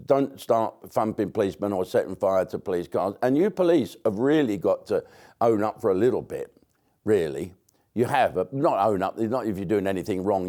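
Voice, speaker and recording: An older English man rants to camera in a blunt, rambling way, swearing freely and restarting his sentences. His voice sits fairly low, with a dark, mellow tone. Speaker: comedian commentator. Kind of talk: casual monologue to camera.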